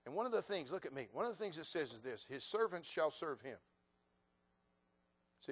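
With fairly high pitch, a male pastor preaches animatedly and with humor, doing the voices of his congregation's members.

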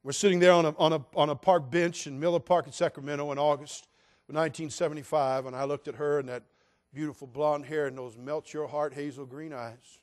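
Folksy older preacher telling a story. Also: male voice, fairly high pitch, steady tone, fairly quick. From California, USA. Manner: folksy, dramatic, mimics quoted voices in hushed tones. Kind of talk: storytelling sermon.

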